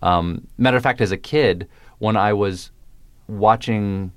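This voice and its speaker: A man's voice: fairly low pitch, a little slow, dry recording. A man from the American South with no regional accent, a comedian talking wryly and with precise diction in a radio interview. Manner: wry, precise diction, playful. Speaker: guest, comedian.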